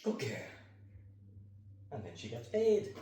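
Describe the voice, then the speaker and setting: A man training his dog on camera, calmly explaining each step and breaking off for short commands and upbeat praise to the dog. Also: medium pitch, slow, far from the mic, heavy background noise. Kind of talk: hands-on training demonstration. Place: indoor training room. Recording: echoey room, voice off-mic.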